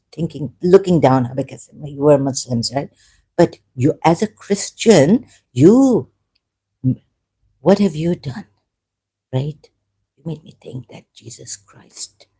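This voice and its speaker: A woman in her fifties telling her personal story, emotional and halting, rambling with restarts and self-corrections. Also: rumbling low, mellow, slightly rough. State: emotional, close to tears.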